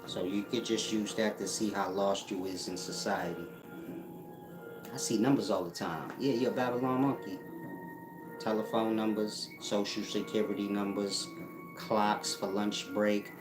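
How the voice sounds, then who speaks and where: A man, hosting a casual livestream, answering chat in a blunt, mocking, profane way. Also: lowish voice. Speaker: livestream host reading chat. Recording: roomy with loud music behind.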